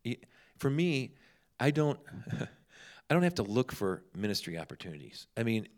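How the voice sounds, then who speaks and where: In a mid-range voice at normal speed, a man tells funny ministry stories as a guest in a relaxed storytelling chat. He brings the characters to life by acting out their dialogue.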